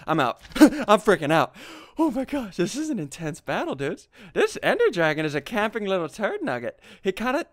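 Hyper, high-pitched young man gaming. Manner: hyper, shouty, giggly, swings between mutters and yells. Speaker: gaming YouTuber. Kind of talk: excited Minecraft commentary.

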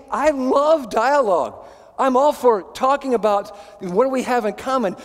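High-voiced animated male pastor. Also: long reverb tail. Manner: animated, conversational, many restarts. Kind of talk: sermon. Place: church sanctuary.

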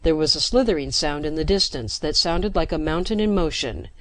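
A woman narrating a science fiction story with steady, dramatic pacing into a close mic. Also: low voice, fairly quick. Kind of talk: scripted narration.

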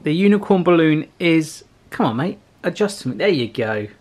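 A man's voice: fairly high pitch, very animated, normal speed. A man hosting a casual vlog, chatty and jokey. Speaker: vlog host.

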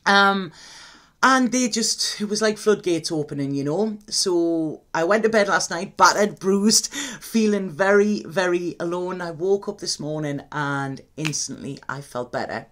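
A woman speaks straight to her viewers as a tarot reader, opening up in a personal confessional monologue. Her talk is candid and emotional, with casual swearing dropped in without fuss. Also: mid-range voice.

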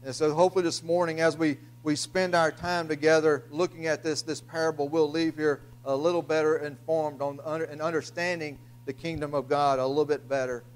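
Halting preacher, slightly high voice. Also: male voice, flat delivery. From Louisiana, US. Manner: halting, repeats words, frequent uh fillers. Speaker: pastor. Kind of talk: sermon. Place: church sanctuary.

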